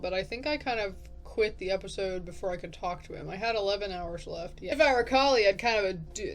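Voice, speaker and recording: A woman giving casual gameplay commentary, chatty and rambling, laughing often. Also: medium pitch. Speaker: let's play creator.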